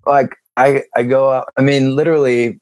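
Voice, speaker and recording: A man telling lively stories as a podcast guest, acting out the dialogue and laughing often. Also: mid-range voice, moderate pace, no echo. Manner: animated storyteller, acts out dialogue, laughs often. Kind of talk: casual interview chat.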